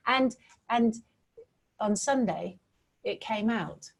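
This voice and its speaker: A middle-aged woman from Britain giving a talk with slides, telling stories in an earnest, animated way. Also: medium pitch, normal speed. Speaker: public speaker.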